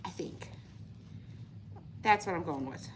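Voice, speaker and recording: A woman's voice: fairly low pitch, takes it slowly, a little hiss or hum. A woman chatting casually on a craft livestream, giggly and talkative, saying "y'all" often. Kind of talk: casual livestream chat while painting. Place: home craft room.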